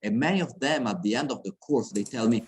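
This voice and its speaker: A man's voice: medium pitch, lively intonation, fast talker, a little hiss or hum. A middle-aged man with an Italian accent, a university lecturer giving an earnest conference talk over a video call and often restarting his sentences.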